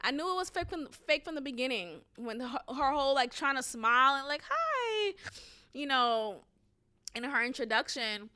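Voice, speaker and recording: A woman's voice: high voice, fairly quick, sharp tone, clean tone. A woman in her thirties hosting a podcast, telling a story in a candid, rambling chat and talking straight to her listeners. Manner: candid and chatty, rambling with restarts, addresses listeners as "y'all". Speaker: podcast host. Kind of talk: casual storytelling monologue.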